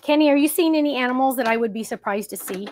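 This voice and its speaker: A woman with a high voice hosts a live-streamed craft demonstration. She keeps up a chatty, playful patter with her viewers in the chat while she works at her table. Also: quick pace, darkish tone, a little hiss or hum. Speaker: crafting show host.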